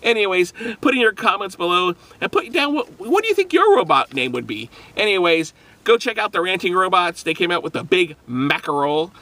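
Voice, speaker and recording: An upbeat man hosts a casual food review vlog, rambling cheerfully between bites. His voice sits a little high for a man and rings bright and forceful. He laughs often and talks loosely into a camera mic. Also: sing-song, brisk.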